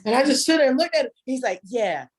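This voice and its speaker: A woman's voice: high-pitched, expressive, quick pace, slightly rough. Chatty woman doing stand-up. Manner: chatty, self-mocking, laughs at own jokes. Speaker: stand-up comedian. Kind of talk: stand-up set. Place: home, virtual show.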